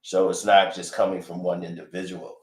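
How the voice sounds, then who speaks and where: A man putting on an impression of a famous rapper who is calm, evasive and soft-spoken, in an echoey room. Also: natural voice. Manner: low, subdued, measured.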